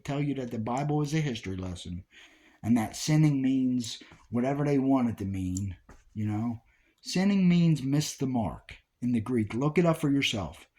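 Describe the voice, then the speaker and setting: In an informal Bible study, a man preaches in a medium-pitched voice with a dark tone. He hammers home key phrases through repetition, speaking emphatically and frequently starting his sentences over.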